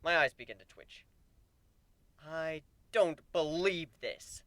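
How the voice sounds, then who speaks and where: A man giving a dramatic first-person reading of a story, swinging from deadpan asides to animated outbursts. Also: on the high side, slow pace, no echo. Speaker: narrator.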